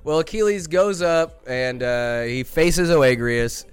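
A man's voice: a little high, takes it slowly, smooth, soft background music. A young man hosting a podcast, rambling enthusiastically through a comedic movie recap with crude jokes. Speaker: podcast host.

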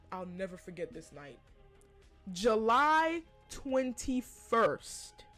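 A woman with a high voice tells a personal story to her podcast listeners. She talks casually and curses freely, often laughing between lines. Faint music plays behind her. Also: fairly bright tone. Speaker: podcast host.

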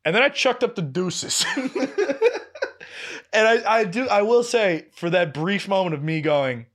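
A young man co-hosting a podcast tells a long anecdote in casual conversation. His voice sits a little above the usual male pitch. He acts out each quoted person, laughs at himself, and swears without a second thought. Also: sing-song, moderate pace, a bit bright. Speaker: podcast co-host. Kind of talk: casual storytelling chat.

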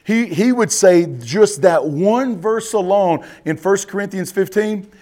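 A man, a pastor, preaching a sermon, often calling out to the congregation and swinging between loud emphatic passages and quiet, low asides. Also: a little slow. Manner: preaching with emphatic rises and drops, addressing the congregation directly.

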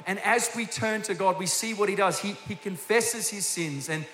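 A man's voice: high-pitched, moderate pace, fairly bright tone. A man preaching a sermon as guest minister, telling stories with energy and putting direct questions to the congregation. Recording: echoey hall with faint hiss.

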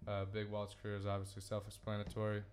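Brief: male podcast host, quick banter, loose and profane, faint room noise behind. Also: fairly low pitch, completely flat delivery, darkish tone. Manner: loose, joking, swears freely. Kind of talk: casual podcast chat.

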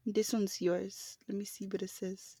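A young woman chatting casually, relaxed and quick to laugh. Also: mid-range voice, breathy edge, dry recording, clean studio sound. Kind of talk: casual chat.

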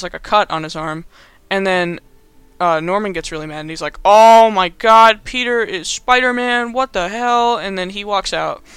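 A man's voice: high voice, pushed and bright, smooth, no room sound. A young man casually recapping a movie in a rambling, amused way, full of fillers. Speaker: host.

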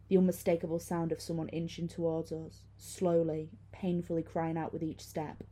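A woman reading a first-person horror story in a hushed, suspenseful way. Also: on the low side, little pitch movement, moderate pace, husky. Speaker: narrator.

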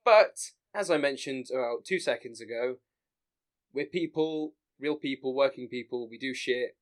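A man's voice: mid-range voice, moderate pace. A young man hosting a casual podcast, brash and full of swearing as he tells stories. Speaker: podcast host. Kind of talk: casual chat.

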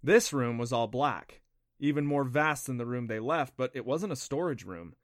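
A man narrating a children's adventure audiobook in a steady, plain storytelling manner. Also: mid-range voice, moderate pace, no echo, clean studio sound.

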